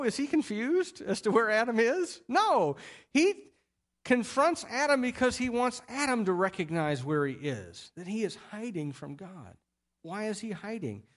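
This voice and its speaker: A middle-aged man preaches a sermon from the pulpit. He tells the story in an animated way and drops into playful voices for the people he quotes. His speaking voice sits slightly high for a man. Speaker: pastor.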